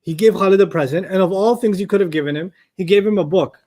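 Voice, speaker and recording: A man's voice: high-pitched, fast talker. Man teaching an Arabic lesson. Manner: explains with lively made-up examples, asks the class questions. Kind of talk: classroom lecture.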